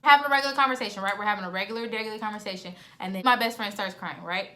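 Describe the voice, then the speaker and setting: A woman in her twenties tells a storytime vlog in animated, slangy style and acts out both sides of each conversation. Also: mid-range voice, rapid-fire. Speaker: vlogger.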